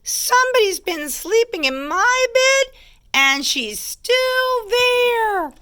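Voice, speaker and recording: A woman voicing a small young female bear cub in a storybook, with a high squeaky voice. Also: very animated, slow, bright, forceful tone, full character voice. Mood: surprised.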